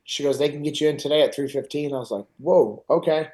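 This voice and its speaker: A man's voice: a little high, rapid-fire. A middle-aged man hosting a podcast, casually telling a personal story and acting out other people's lines. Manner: animated retelling, acts out others' lines. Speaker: podcast host.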